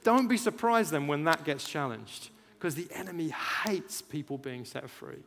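A man preaches a lively sermon, his voice sitting a little high for a man. He rises in volume and pitch to make a point and acts out lines for effect. A long reverb from the hall trails behind every phrase. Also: moderate pace, gravelly. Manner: animated, rises loud for emphasis, acts out chants, laughs at himself.

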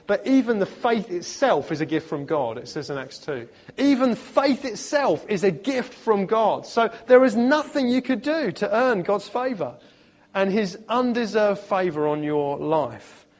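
Male preacher, slightly higher voice, animated storyteller with emphatic repeats. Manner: lively storytelling with emphatic repetition and humor. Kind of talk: sermon.

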